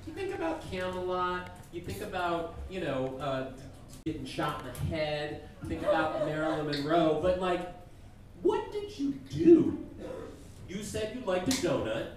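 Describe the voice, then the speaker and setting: A man doing a stand-up roast while sick, rambling and halting in a self-deprecating way on a comedy club stage. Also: a little high, big pitch swings. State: sick, congested. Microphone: stage mic at a distance. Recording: echoey stage from far off, crowd laughter.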